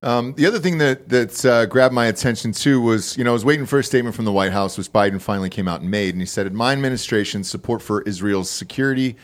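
A man's voice: medium pitch, fast talker, few pauses. A man co-hosting a podcast in casual chat, worked up, rambling and swearing. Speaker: podcast co-host.

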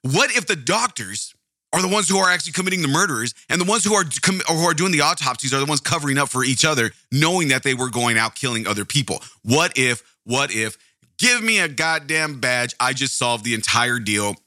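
A man's voice: medium pitch, quick pace, sharp tone, no echo, clean studio sound. A man hosting a casual true-crime podcast, rambling, interrupting himself and swearing casually. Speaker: podcast host.

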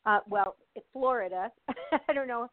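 A woman's voice: a little high, normal speed, no room sound. Chatty older woman on a phone line. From United States. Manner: chatty, laughs often, many fillers and restarts. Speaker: actress and interview guest. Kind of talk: casual interview chat. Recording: tinny phone line, dry.

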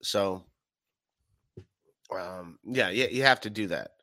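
A man with a bright, forceful voice chats casually as a comedian guest. His humor is dry and deadpan, and he often restarts his sentences. The sound is dry and close. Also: deep voice, slow, no room sound. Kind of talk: casual interview chat.

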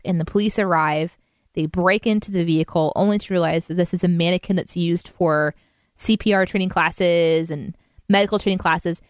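A woman's voice: on the low side, clean tone, dry recording, studio quality. A woman radio co-host chatting casually and reading out odd news stories. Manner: chatty, reads stories aloud.

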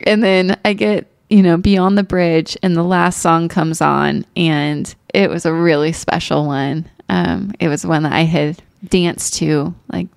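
A woman telling a personal story in casual chat, animated and emotional, laughing often. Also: on the low side, measured pace, gravelly, hardly any pauses, smooth, dry recording, studio quality. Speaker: podcast co-host.

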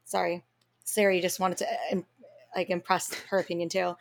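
A woman's voice: on the low side, little pitch movement, a little fast, vocal fry. A woman co-hosting a podcast, talking emphatically and reassuring her co-host. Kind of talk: casual chat.

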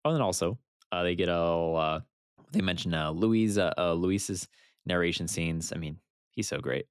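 A man co-hosting a podcast, chatting casually in an excited, joking way. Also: normal speed, clear, resonant tone, dry recording, studio quality. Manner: excited, jokey, lively swings in pitch. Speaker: podcast co-host. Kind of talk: casual chat.

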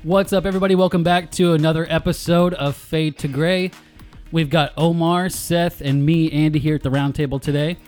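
A man's voice: fairly high pitch, steady tone, brisk, a little mellow, faint music behind. A man hosting a casual podcast chat, joking and stammering through restarts, recorded on a camera directional mic. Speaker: podcast host.

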